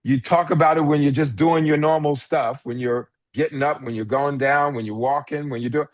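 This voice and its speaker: A man's voice: on the high side, steady tone, moderate pace, no echo. Man teaching a casual Bible lesson. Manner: conversational, restarts phrases while explaining. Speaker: pastor teaching a Bible class. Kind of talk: informal classroom lecture. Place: church classroom.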